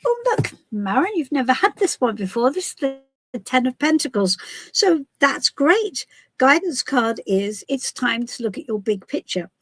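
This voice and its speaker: A woman's voice: sits high, animated, normal speed, fairly bright tone, no echo. A British woman hosting a live tarot stream, chatting casually in a rambling, giggly way. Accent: British English. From Britain.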